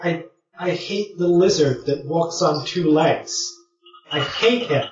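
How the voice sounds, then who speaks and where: A brooding giant roc, blunt and halting, speaking slowly in a voice pitched a little high, as a man puts it on. The sound is roomy and dull, as if picked up from across the room on a lo-fi mic. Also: darkish tone. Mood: resentful. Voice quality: halting, simple phrasing.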